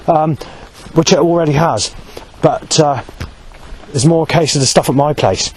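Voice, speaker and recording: A man's voice: on the high side, normal speed, slight background noise, rough recording. A man giving an angry, rambling spoken account, swearing heavily and correcting himself often. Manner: heavily profane, agitated, rambling with many self-corrections. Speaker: vlogger.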